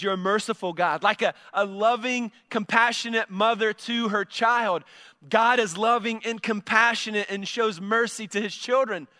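A man's voice: high voice, no room sound, clean studio sound, in a large hall. A man preaching a sermon, reading scripture and then explaining it, acting out an angry voice in quoted lines. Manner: animated, acts out Jonah's angry voice. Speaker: pastor.

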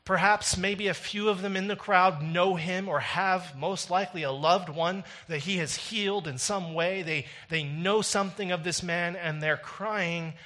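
A man's voice: high voice, moderate pace, hardly any pauses, pushed and bright. A man preaching a sermon with no congregation present, moving from wry joking asides to intense, emphatic preaching. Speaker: pastor. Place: recorded without a congregation.

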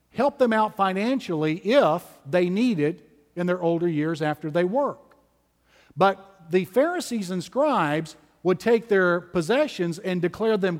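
A man preaching with slow, deliberate emphasis, leaning hard on key words. His voice is pitched high for a man. A long reverb hangs around him as if he stands in a large hall. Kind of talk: expository sermon.

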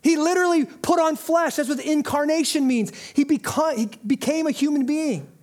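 A middle-aged man preaching a sermon as a pastor, swinging between impassioned calls and quiet, intense asides. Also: very high-pitched, brisk.

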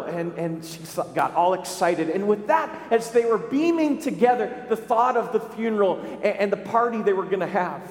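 High-voiced pastor telling a story. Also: male voice, a little mellow. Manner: repetitive, halting storytelling. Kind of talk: storytelling sermon. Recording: echoey, reverberant space.

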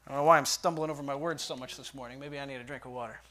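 A man's voice: mid-range voice, steady tone, rapid-fire, hardly any pauses, pushed and bright. A man teaching a Bible study lesson in a conversational way, asking his listeners questions and reading scripture aloud with emphasis.

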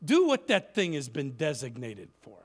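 Speaking in a fairly high-pitched voice at an ordinary pace, this man is a guest preacher from inner-city Cleveland giving a church sermon. His storytelling is lively, and he performs the quoted voices of the characters.

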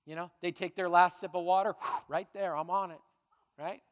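A man with a notably high voice preaches in a casual, conversational way, dropping playful asides and checking in with his listeners. His words ring out with the long reverb of a large church sanctuary. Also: steady tone, moderate pace. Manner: conversational, frequent tag questions, playful asides. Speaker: pastor. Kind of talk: sermon.

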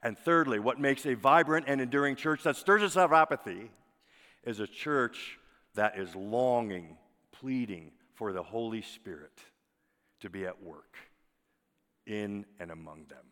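A man preaching a sermon as pastor, emphatic, often dropping to a soft, drawn-out single word for weight. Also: medium pitch. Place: church sanctuary. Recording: long hall reverb.

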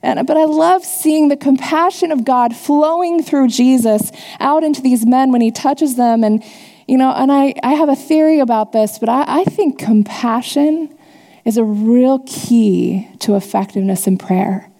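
A woman preacher with a fairly high but mellow voice talks through her sermon casually, as if chatting with her congregation. Her words ring out with a long reverb, like a church sanctuary. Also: unhurried. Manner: warm, conversational preaching with laughs and asides. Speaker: pastor.

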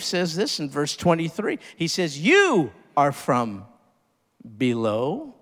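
A pastor delivers his sermon in a high, animated voice that swings widely in pitch. He presses hard on some phrases and lets others fall low and quiet. His voice carries with the long reverb of a church sanctuary. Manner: preaching with swelling emphasis, dropping low and soft on key words.

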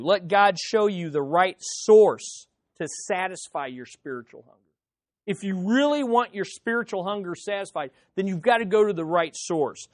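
Animated man preaching a sermon. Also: high voice, no room sound, studio quality. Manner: animated preaching, many rhetorical questions, swings from soft to loud. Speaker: pastor. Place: church service.

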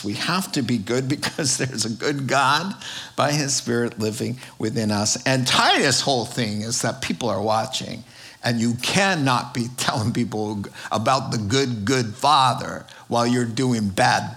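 A man's voice: medium pitch, animated, unhurried, a bit bright. Man preaching a conversational sermon. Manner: conversational preaching with fillers and restarts. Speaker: pastor.

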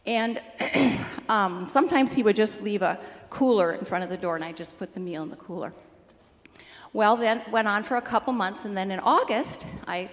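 An older woman telling a personal testimony in a lively, animated way, laughing easily as she tells the story. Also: on the high side, long reverb tail. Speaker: church member sharing a testimony.

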